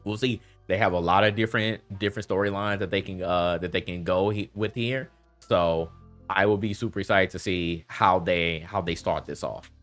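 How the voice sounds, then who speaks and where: Deep-voiced animated streamer man. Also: soft background music. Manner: animated, repeats himself, quick bursts of laughter. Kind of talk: casual livestream chat.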